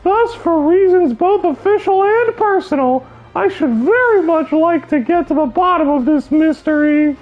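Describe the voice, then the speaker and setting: A man voicing an eager young woman scholar in a bright, formal way, as he voices game cutscenes on a stream. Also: very high voice, expressive, normal speed, hardly any pauses, voice pushed up. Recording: slightly muffled with game music.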